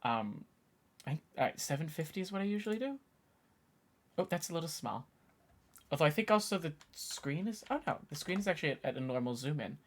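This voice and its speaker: Man, 20s, casual stream chat, lively swinging pitch, keyboard typing behind. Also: brisk, pauses often. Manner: animated, jokey, talks to chat while typing.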